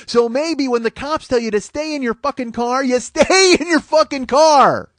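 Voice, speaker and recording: A man in his forties hosting a comedy podcast, ranting with heavy profanity and loud outbursts. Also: very high-pitched, moderate pace, no room sound, studio quality. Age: 40s.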